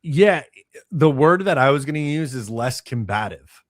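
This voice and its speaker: A man co-hosting a casual sports podcast, measured and summing up points, sometimes reading out viewer comments. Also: medium pitch, lively intonation, no echo, studio quality. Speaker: podcast co-host.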